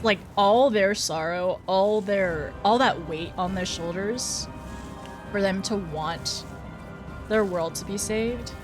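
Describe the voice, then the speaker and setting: A young woman streaming a game, chatting casually with her viewers, flustered and often laughing. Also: mid-range voice. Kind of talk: casual live-stream chat while gaming.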